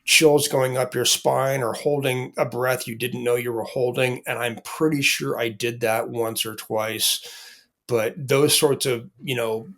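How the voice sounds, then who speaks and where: Gravelly man, candid and profane. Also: medium pitch, fairly even intonation, measured pace, fairly bright tone. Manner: candid, profane, rambling with restarts. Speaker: author. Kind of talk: casual conversation.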